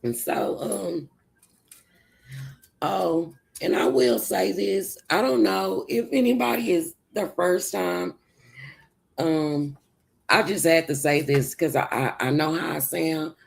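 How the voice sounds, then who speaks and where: A woman's voice: fairly low pitch, slow pace, creaky. A woman with a Southern US country accent, chatting casually on a livestream and answering her chat in a rambling way. Her voice sounds sleepy, as if she just woke up. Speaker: livestream host.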